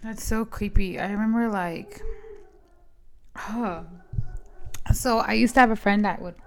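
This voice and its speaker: Young female co-host, casual chat, animated storyteller, cusses a lot. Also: mid-range voice, unhurried. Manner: animated storytelling, frequent swearing and "like". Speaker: podcast co-host.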